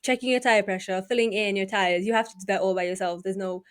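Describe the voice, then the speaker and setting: A young woman from Africa, co-hosting a casual podcast chat in a chatty, lively way, often trailing off and restarting. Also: mid-range voice, quick pace, clean tone. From South Africa. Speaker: podcast co-host.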